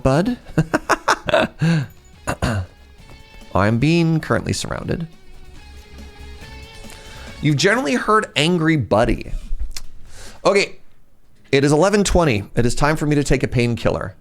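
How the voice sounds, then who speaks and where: A man chatting through a live game stream, his voice swinging widely up and down as he reacts. He talks casually and excitably to his viewers, with faint music playing behind him. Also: fairly high pitch, slow pace, long pauses.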